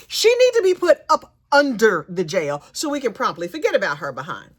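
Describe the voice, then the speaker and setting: A woman hosting a gossip channel, recapping news with animated, playful, sassy asides. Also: fairly high pitch, brisk.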